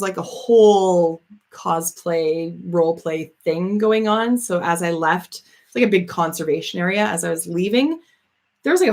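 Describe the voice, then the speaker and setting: A woman hosting a casual live chat, answering viewer comments in a rambling, chatty way with frequent laughs and fillers. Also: mid-range voice. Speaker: host of a live chat stream.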